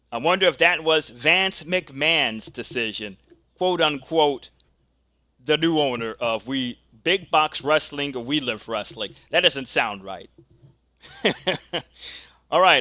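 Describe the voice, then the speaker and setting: A man's voice: a little high, no echo, studio quality. A man casually narrating a tabletop wrestling dice game, reading out rolls and calling the action. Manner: casual, reads dice results aloud, gets excited during the action. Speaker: game host.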